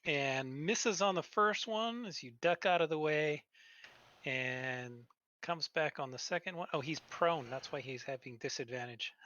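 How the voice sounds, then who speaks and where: Bright-voiced man running a tabletop game. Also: a little high, unhurried, highs cut off. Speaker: game master.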